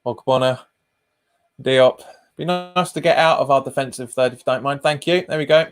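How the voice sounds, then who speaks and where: A man's voice: medium pitch, normal speed, clean tone, faint music behind. A man streaming a live football watch-along, calling passes and chatting casually with viewers, often repeating himself. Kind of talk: live match commentary and chat reading.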